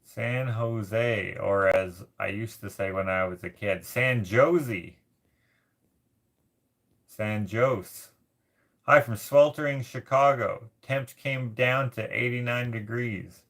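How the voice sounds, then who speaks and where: A man from Canada hosting a casual livestream, reading viewer comments aloud and rambling as he thinks out loud. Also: lowish voice, slow pace, creaky. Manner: rambling, thinks out loud while searching things up. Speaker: livestream host.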